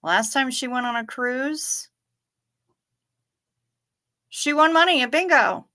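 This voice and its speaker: A woman's voice: sits high, expressive, slow, sharp tone. A woman hosting a livestream, chatting casually and answering viewer comments. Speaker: livestream host.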